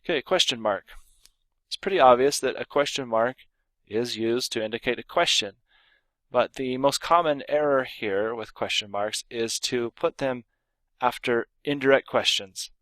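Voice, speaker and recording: A man gives a recorded grammar lesson, calmly explaining rules and reading out example sentences. His voice sits at a middle pitch. The recording is close and dry, with no room sound. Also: normal speed, no room sound. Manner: explains with read-aloud example sentences, some fillers and restarts. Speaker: grammar teacher.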